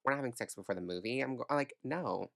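A blunt woman in her late twenties vents in a podcast rant, swearing freely. Her voice carries a gravelly fry. The sound is close and dry, with no room around it. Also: rumbling low, racing, no echo. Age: 20s. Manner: blunt and profane, venting. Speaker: podcast host.

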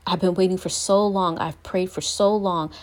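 A woman's voice: fairly low pitch, steady tone, normal speed, darkish tone. A young woman giving an earnest Christian devotional talk, sometimes acting out the voices she quotes. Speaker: Christian speaker.

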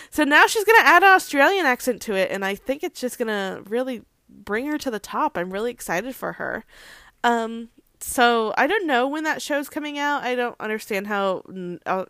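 A woman's voice: on the high side, pushed and bright, no room sound, studio quality. A woman hosting casual celebrity gossip talk, chatty, leaning on "like" constantly, with swearing and laughing asides. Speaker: host.

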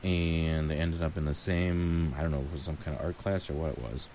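A man's voice: rumbling low, fairly even intonation, a little fast, darkish tone, a little hiss or hum. A man chatting casually about a movie, musing aloud with frequent ums and light laughs. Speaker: co-host reviewing a movie. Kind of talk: casual chat.

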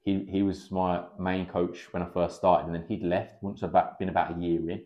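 A man's voice: low-pitched, level tone, a little fast, warm tone. A man in his thirties, a podcast guest telling stories in a chatty way, swearing freely and acting out what people said. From England. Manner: chatty, swears freely, acts out quoted dialogue. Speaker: podcast guest, kickboxing coach. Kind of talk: casual podcast storytelling. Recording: slightly dull lo-fi podcast audio.

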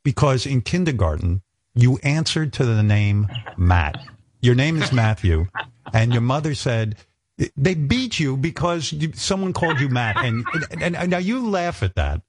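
A man's voice: mid-range voice, very animated, unhurried, a little hiss or hum. A man in his sixties hosting an interview, pressing his guest with mock-earnest questions. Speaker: radio host.

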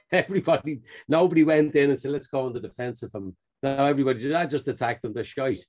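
Lively man telling sports stories. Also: mid-range voice, fast. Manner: animated storyteller, laughs often, acts out quotes. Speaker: podcast co-host. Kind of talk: casual banter among friends.

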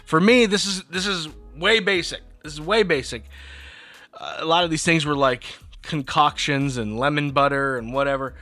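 Bright-voiced man chatting on a podcast. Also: on the high side, moderate pace, dry recording, soft background music. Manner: animated storyteller, acts out childhood quotes. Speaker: podcast co-host. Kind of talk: casual chat.

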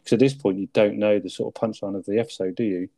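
A man's voice: steady tone, fast, vocal fry, warm tone, no echo. A man co-hosting a casual chat about a sitcom episode, laughing often and acting out lines. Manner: laughs often, acts out lines in squeaky voices. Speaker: podcast co-host.

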